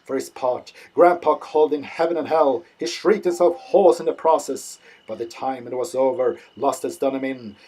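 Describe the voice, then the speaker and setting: A man narrating a literary audiobook in a dry, deadpan way. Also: medium pitch, moderate pace, few pauses, husky.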